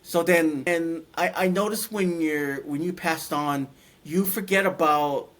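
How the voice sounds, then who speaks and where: Halting man telling a story. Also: a little high, a bit bright. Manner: halting, many fillers and restarts. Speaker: interview guest. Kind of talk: casual storytelling.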